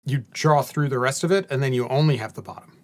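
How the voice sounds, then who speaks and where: A man co-hosting a stream, thinking aloud as he plays a card game and narrating each move deliberately in casual chat. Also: mid-range voice. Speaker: co-host and card game player.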